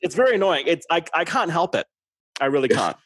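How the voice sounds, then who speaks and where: A man's voice: a little high, brisk, no room sound. A man from Singapore with an English-tinged accent, chatting animatedly as a guest author in an interview. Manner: chatty, animated, laughs often, many fillers. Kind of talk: conversational interview.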